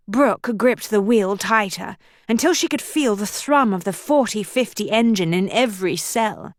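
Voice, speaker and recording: A woman narrating an audiobook in measured, even storytelling, recorded on a studio microphone. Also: mid-range voice, no echo. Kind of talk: scripted narration.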